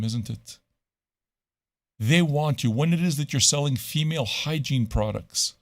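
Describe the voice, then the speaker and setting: A man hosts a live radio show, ranting casually and swearing a lot. He swings between loud outbursts and low muttering, and there's no room sound.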